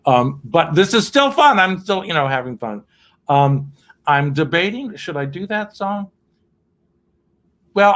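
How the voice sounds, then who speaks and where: Cabaret host at the piano: a man with a fairly high voice, campy and cheeky, talking slowly between numbers, faint piano behind. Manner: campy, cheeky, chatty, laughs often. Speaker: cabaret singer and pianist hosting an online show. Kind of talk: chatty live-stream banter between songs.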